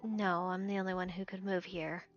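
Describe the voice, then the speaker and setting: A woman's voice: fairly low pitch, little pitch movement, moderate pace, close to an everyday voice. A woman doing a timid young mermaid woman, polite, hesitant, slightly dull recording, faint music behind. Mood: earnest. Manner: apologetic, hesitant.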